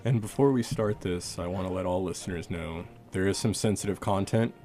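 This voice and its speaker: A man co-hosting a comedy radio show in the studio with deadpan quips. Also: low-pitched, fairly quick, faint music behind. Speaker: co-host.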